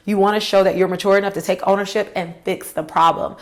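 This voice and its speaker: A woman in her thirties recounts her own work story straight to the camera. Her delivery is candid and emphatic, and she often turns to address her viewers directly. Her voice sits at a middling pitch. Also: steady tone, quick pace. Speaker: career vlogger.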